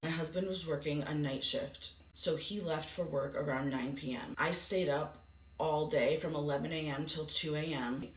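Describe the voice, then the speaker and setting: A woman's voice: steady tone, moderate pace. A woman vlogger telling a painful personal story in a subdued, grief-stricken way. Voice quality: gravelly low voice. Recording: echoey room from a distance.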